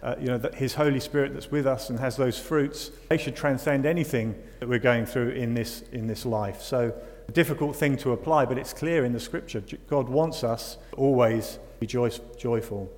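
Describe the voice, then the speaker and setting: A man preaches a sermon in a conversational style, frequently posing rhetorical questions to his listeners. His voice sits in the mid range, somewhat mellow, and moves at a normal pace. The recording carries the long reverb of a hall.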